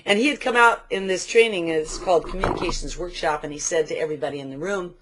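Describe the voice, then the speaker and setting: An older woman giving a motivational business training talk, telling stories and slowing down to stress key points. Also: lowish voice, noisy background.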